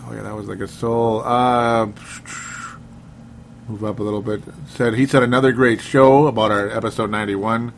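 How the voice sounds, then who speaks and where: A man hosting a relaxed sports podcast, reading listener comments aloud and breaking into laughter often. His voice sits at an ordinary middle pitch. A faint hiss runs underneath. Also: normal speed, creaky. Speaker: podcast host. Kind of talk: casual sports chat.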